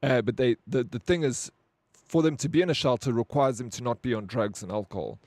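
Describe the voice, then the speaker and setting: South African male streamer, mid-pitched, blunt and profane, dry close mic. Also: brisk, darkish tone, dry recording. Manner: blunt, profane, rambling with frequent "bro". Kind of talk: casual live-stream chat.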